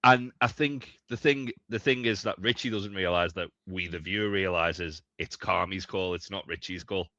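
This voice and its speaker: A man's voice: deep voice, normal speed, few pauses, pushed and bright, no room sound, dull audio. A man co-hosting a casual review podcast, laying out his point step by step. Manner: thoughtful, builds an argument step by step.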